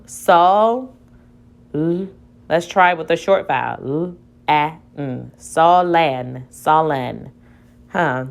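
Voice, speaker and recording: A woman teacher slowly sounding out word syllables aloud in a phonics lesson. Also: low voice, gravelly.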